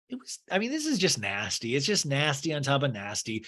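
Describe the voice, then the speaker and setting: A man's voice: medium pitch, huge pitch swings, fairly quick, few pauses, fairly bright tone. A man hosting a podcast and recapping a reality TV episode with sarcastic, exasperated commentary. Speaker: podcast host. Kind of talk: comedic TV recap.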